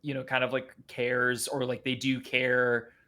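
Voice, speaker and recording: A man speaking as a podcast guest in casual discussion, halting and full of fillers and restarts. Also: medium pitch, completely flat delivery, sharp tone.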